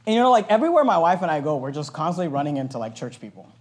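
Loud, high-voiced middle-aged male pastor. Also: very animated, racing. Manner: loud, emphatic delivery; conversational storytelling with asides. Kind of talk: sermon with personal anecdote.

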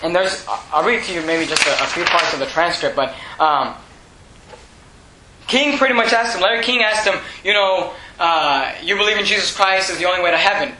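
High-voiced fervent preacher man. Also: moderate pace, reverberant, slight background noise, low-quality recording. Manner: fervent preaching that swings from shouted peaks to hushed lows. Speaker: pastor. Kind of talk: sermon.

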